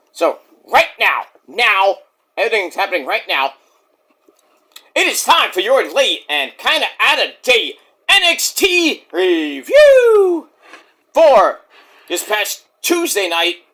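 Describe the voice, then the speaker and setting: A man's voice: high-pitched, sharp tone. A man casually reviewing a wrestling show in a rambling, jokey, profane way.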